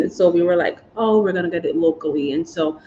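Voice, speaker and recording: A woman tells her own story to her viewers, chatty and fighting back tears, and calls them y'all. Her voice sits a little low. The recording sounds slightly muffled, with a faint hiss behind it. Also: brisk, warm tone. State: choked up with emotion. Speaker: vlogger sharing moving-abroad experiences. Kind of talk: emotional personal storytelling.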